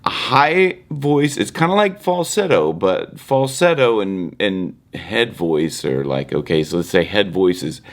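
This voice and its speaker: A man's voice: low voice, expressive, a little slow, hardly any pauses. A middle-aged man teaching singing in a casual, conversational way, now and then demonstrating tones and moving about the room. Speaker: vocal mentor. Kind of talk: casual vocal lesson to camera.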